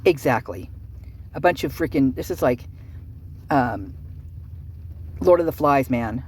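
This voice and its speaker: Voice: medium pitch, lively intonation, unhurried, darkish tone, breathy edge. A vlogger giving heated, sarcastic commentary on news stories, ranting and calling people out. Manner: ranting, fired up, sarcastic asides. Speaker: true-crime commentary channel host. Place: at home, with outdoor work nearby.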